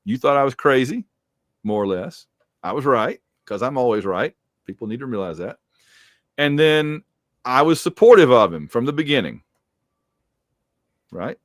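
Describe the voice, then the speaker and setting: Man, podcast co-host, joking, lively up-and-down delivery, slightly worn voice. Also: medium pitch, normal speed, pauses often, no room sound, clean studio sound. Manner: joking, animated, teasing. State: voice getting worn. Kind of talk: casual chat, reading supporter names.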